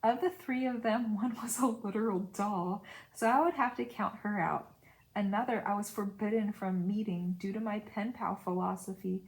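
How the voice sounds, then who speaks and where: Woman, audiobook reader, steady novel narration, casual asides. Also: medium pitch, moderate pace, vocal fry, rough recording. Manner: reads aloud with brief casual asides. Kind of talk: novel reading with commentary.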